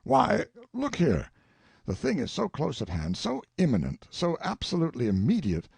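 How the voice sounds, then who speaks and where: A grandiose old colonel full of schemes and florid pleading, his husky voice swooping up and down, as a narrator puts him on. He speaks in a close, dry sound. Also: mid-range voice, huge pitch swings, brisk, a little mellow, dry recording, pitched above the performer's own voice, full character voice. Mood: scheming. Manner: flowery, pleading, theatrical.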